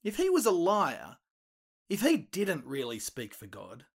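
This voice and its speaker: Guy doing a bible story for kids, super animated, swings high and low when quoting. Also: a little slow, gravelly. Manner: animated, acts out quoted voices with big pitch jumps. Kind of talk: retelling a Bible story for children.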